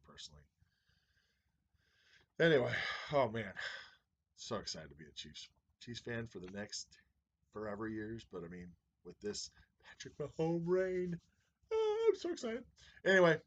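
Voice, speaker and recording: A man who runs a fantasy football league, giving members a casual video update in an excited, rambling fan's manner. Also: lowish voice, dull audio. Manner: excited, rambling sports fan banter.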